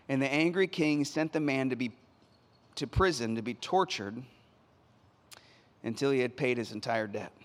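A man preaching a sermon as pastor, retelling scripture in an animated, conversational way. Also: medium pitch, moderate pace, long pauses. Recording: long hall reverb.

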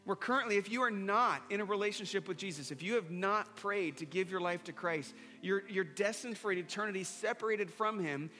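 A pastor with a high, bright, forceful voice preaches to a congregation, earnest and returning to a repeated refrain as he invites people to pray. The sound rings out with the long reverb of a large hall, while soft guitar plays underneath. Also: fairly quick, few pauses. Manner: earnest, repeats a refrain, leads a prayer line by line. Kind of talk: sermon with altar call. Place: church hall before a congregation.

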